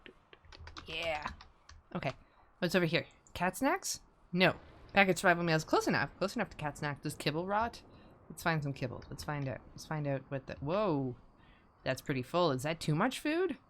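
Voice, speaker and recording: A woman's voice: sits low, very animated, normal speed, a bit bright, a little hiss or hum. A woman streaming a colony game live, chatting casually, thinking aloud and repeating herself, over faint music.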